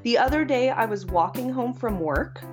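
A woman's voice: fairly high pitch, expressive, normal speed, a little mellow, soft background music. A woman from California co-hosting a podcast, chatting casually with many "like"s and an exasperated manner. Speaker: podcast co-host. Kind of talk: casual chat.

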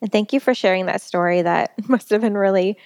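A woman guest on a podcast, speaking in a hesitant, soft and reflective way. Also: medium pitch, fairly quick, smooth, no room sound, studio quality. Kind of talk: casual conversational interview.

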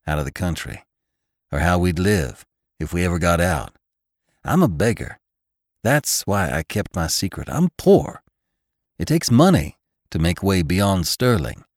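A man's voice: deep voice, a little mellow, no echo, clean studio sound, exaggerated voice. A man voicing a passionate young frontier man who speaks urgently and tenderly.

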